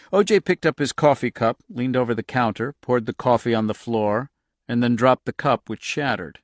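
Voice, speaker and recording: A man reading a novel aloud in steady scripted narration. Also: mid-range voice, no echo, studio quality. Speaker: audiobook narrator.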